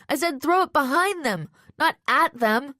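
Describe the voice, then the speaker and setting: A woman's voice: lively intonation, measured pace, bright, forceful tone, no room sound, clean studio sound, full character voice. A woman voicing a teenage girl detective in an audiobook, speaking in a tense, shaky, pleading way. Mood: scared, pleading. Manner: tense, pleading, voice higher and shakier. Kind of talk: audiobook character voice.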